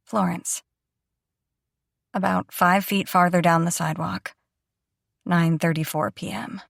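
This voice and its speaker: A woman's voice: lowish voice, level tone, unhurried, vocal fry, no room sound, studio quality. A young adult woman narrating a first-person audiobook in a chatty, self-deprecating way.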